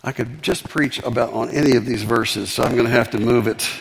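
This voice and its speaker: Gravelly, emphatic male preacher. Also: mid-range voice, a little fast. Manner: emphatic, animated preaching with repetitions. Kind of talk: sermon.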